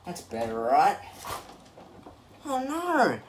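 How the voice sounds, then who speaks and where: A man's voice: high-pitched, huge pitch swings, drawn-out words, a little hiss or hum. A man, vlogging from a small home studio and muttering in exasperation as he scolds a machine. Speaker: channel host. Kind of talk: casual vlog commentary while smashing a fan. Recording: echoey room, mic far off, loud clattering.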